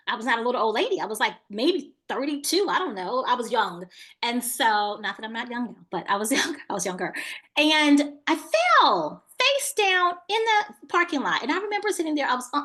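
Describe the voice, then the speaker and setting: Thirtysomething woman host, animated, talks right to the audience. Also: a little high. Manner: animated storyteller, addresses listeners directly. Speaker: webinar host and business coach. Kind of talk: casual webinar talk.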